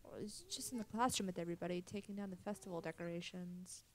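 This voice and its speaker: A woman's voice: fairly low pitch, fast talker, darkish tone. A woman playing a horror game, reading every character's lines aloud in her own voice. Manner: reads all characters in her own voice, lightly acted. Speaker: let's play gamer.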